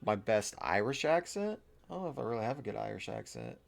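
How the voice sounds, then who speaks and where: A man with a gravelly, fry-edged voice co-hosting a laid-back sports podcast over drinks. He talks loosely, swears freely and laughs often. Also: fairly low pitch, big pitch swings, fast. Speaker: podcast co-host.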